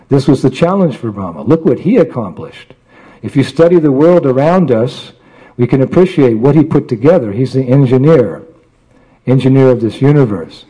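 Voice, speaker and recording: Man preacher, husky and mellow, storytelling sermon with playful character voices. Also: mid-range voice, expressive, moderate pace, poor audio.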